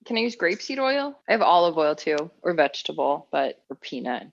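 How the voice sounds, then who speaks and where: Woman co-host, gravelly voice, playful and inquisitive in casual cooking chat. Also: low-pitched, sing-song, a little fast, lo-fi sound. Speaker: podcast co-host.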